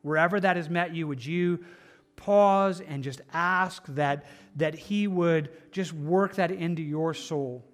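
Pastor, male, slightly high voice, lively sermon delivery moving from booming to hushed. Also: slow pace. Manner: animated, swings between loud emphatic and soft hushed.

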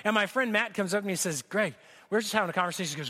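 A man preaching a sermon in church, telling jokey stories in an animated way, with asides to the congregation. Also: high-pitched, very fast. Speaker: pastor. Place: church sanctuary.

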